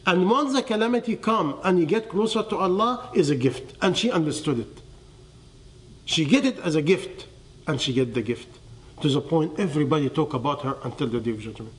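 High-voiced man preaching to a crowd. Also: lively intonation, brisk. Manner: quizzes listeners with rhetorical questions. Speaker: religious teacher. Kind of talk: sermon to a live audience.

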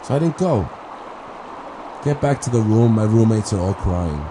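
A man casually telling a personal faith story, talking haltingly with restarts, repeated words and many fillers. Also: on the low side, expressive. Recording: clear background ambience noise.

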